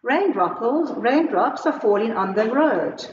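A South African woman teacher giving a slow, clear lesson, switching between Afrikaans and English as she explains words and a short poem. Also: fairly high pitch, animated, a little hiss or hum. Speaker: primary school teacher. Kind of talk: recorded online Afrikaans lesson. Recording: echoey, muffled home video recording.

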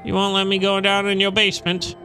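A man's voice: high voice, monotone, brisk, sharp tone, soft background music. A man casually commentating his gameplay, joking and swearing now and then. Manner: laid-back, jokey, swears casually. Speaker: let's play host.

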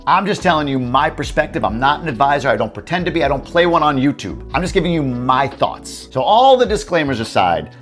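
A man's voice: medium pitch, a bit bright. A man from Michigan hosting his own channel, talking to camera in a direct, upfront, conversational way. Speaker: YouTube host.

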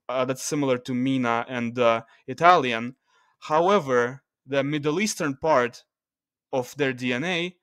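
A man talking through charts in a casual screen-share video, loose and halting, with restarts and fillers as he reads the numbers. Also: mid-range voice, a bit bright, no room sound, studio quality. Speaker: video creator.

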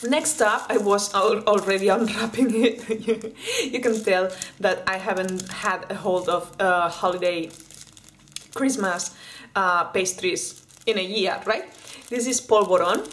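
A woman's voice: medium pitch, a bit bright, a little hiss or hum, rough recording. Chatty woman tasting candy on camera. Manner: chatty, eating while talking, restarts words. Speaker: vlogger. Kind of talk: casual candy taste-test vlog.

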